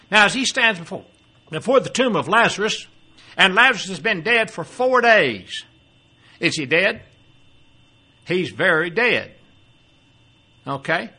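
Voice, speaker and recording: An older man preaches a sermon in a high, husky voice that sounds pushed and bright. Taking an expository approach, he reads scripture aloud, explains it, and frequently puts questions to his listeners.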